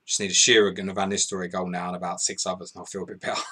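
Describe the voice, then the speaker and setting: A man hosting a live fantasy football stream, excitedly reading out scores and viewer messages, swearing and laughing as he goes. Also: low-pitched. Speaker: podcast host.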